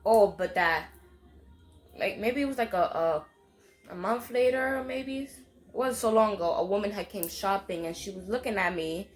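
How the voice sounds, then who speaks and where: A young woman, telling a story to camera in an animated, profane, slang-heavy way. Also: mid-range voice, normal speed, soft background music. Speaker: vlogger. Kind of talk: storytime monologue.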